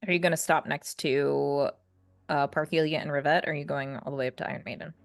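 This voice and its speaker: Female game master, very low gravelly voice, faint music behind. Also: fast, no echo, clean studio sound. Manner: relaxed, frequent fillers. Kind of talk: narrating a tabletop game.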